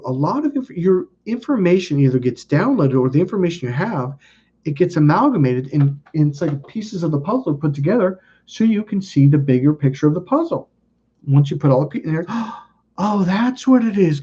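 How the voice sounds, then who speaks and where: A man tells a long, meandering story in a relaxed, chatty way, his voice slightly husky and a touch higher than most men's. When he quotes people he springs into excited, high-pitched exclamations. The audio is dull and lo-fi. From California. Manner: animated, acts out quotes with sudden high exclamations. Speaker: channel host. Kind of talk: casual storytelling monologue.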